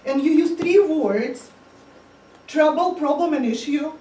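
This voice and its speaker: A woman who is not a native English speaker gives a prepared humorous speech at a club meeting, telling a story slowly and expressively. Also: sits high. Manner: slow, expressive storytelling with playful voices. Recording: echoey room from far off.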